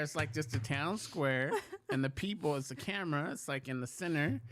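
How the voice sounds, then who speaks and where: A man's voice: fairly high pitch, fairly quick, background noise. A man hosting a talk show, easygoing and jokey as he tells a story. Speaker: show host. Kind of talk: casual talk show conversation.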